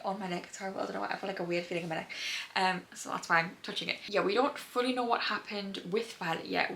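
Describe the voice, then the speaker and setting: A young woman with a light Geordie lilt chats casually to camera about her reading. Her voice is bright and clear at an ordinary middle pitch. She rambles and drifts off into side stories. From North East England. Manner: chatty, rambling, wanders into tangents. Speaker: book vlogger.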